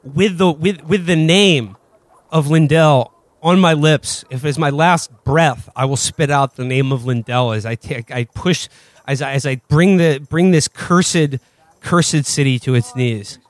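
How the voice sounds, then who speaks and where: Higher-voiced man, grandiose player. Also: a little slow, no room sound. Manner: grandiose, stuttering starts. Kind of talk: in-character role-play.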